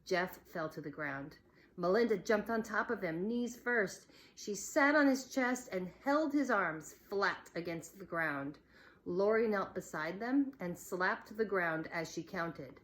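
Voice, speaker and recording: Slow, deliberate woman reading aloud. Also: medium pitch, lively intonation. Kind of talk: read-aloud narration.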